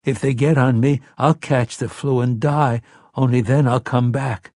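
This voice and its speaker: A man's voice: mid-range voice, fairly even intonation, measured pace, a little mellow, no echo, studio quality, pitched above the performer's own voice, natural voice. A man voicing a hypnotized grown man who talks like a frightened seven-year-old, raised and small. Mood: frightened child. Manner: dazed, then small, trembling and childlike. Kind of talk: audiobook character voice.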